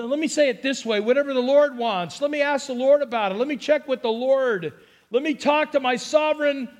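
A man from Southern California preaching as a pastor, earnest and emphatic, acting out quotes as he goes. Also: very high-pitched. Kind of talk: sermon.

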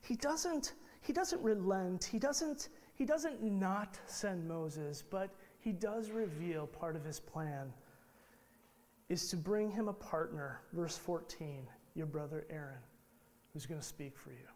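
A man's voice: high-pitched, animated, slow pace, a little mellow. A male pastor preaching a sermon in a conversational way, full of rhetorical questions and restarted phrases. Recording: long reverb in a large hall.

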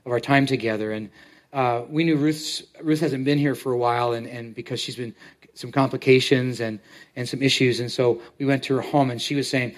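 A man delivers a sermon as pastor in a church sanctuary, his mid-range voice holding a steady tone. He tells a story in a halting manner, frequently repeating words to his congregation.

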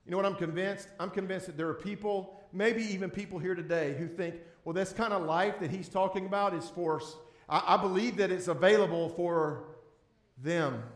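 Male pastor, sermon voice, high-pitched and emphatic, repeats key words, recorded in a reverberant sanctuary. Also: normal speed. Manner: emphatic, swings between loud and hushed. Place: church sanctuary before a congregation. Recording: echoey room.

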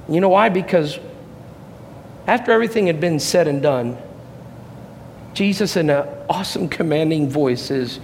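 High-voiced man preaching in a hall. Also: lively intonation, a little slow, creaky, a little hiss or hum. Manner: impassioned preaching, rising and falling intensity. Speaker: pastor. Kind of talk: sermon. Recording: long hall reverb, faint ambience.

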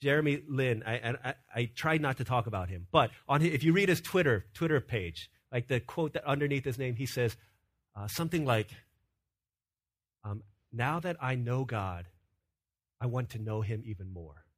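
A young man preaching a sermon, telling stories in an animated way and often repeating words as he starts a sentence. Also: mid-range voice, moderate pace.

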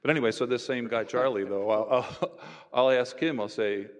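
A man, a university professor, telling stories in an animated conversational way and voicing the people in them. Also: mid-range voice, moderate pace. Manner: animated, voices others in his stories. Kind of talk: conversational storytelling. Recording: roomy with long reverb.

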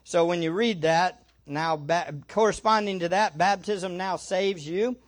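A preacher delivers a sermon in a church room, taking an unhurried, deliberate pace. The voice sits at a middle pitch and leans hard on key words. Questions go out to the room and come back answered. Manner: emphatic, asks rhetorical questions and answers them. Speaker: pastor. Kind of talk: expository sermon.

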